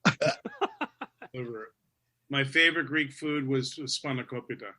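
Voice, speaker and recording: Older male guest, bright tone, deadpan humor, relaxed interview. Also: mid-range voice, a little slow. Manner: dry, joking storyteller. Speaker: actor guest. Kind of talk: casual interview chat.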